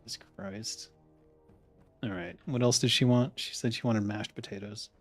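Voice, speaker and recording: A man's voice: medium pitch, a little fast, no echo, faint music behind. A man in his thirties, a streamer chatting casually, rambling and swearing with many laughs while ordering food.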